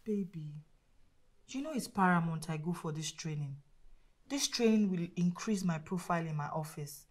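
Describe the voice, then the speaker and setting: An actress playing a busy, career-driven wife and mother who swings from weary to loud. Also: on the low side, moderate pace, close to an everyday voice. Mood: soothing. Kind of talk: film drama acting.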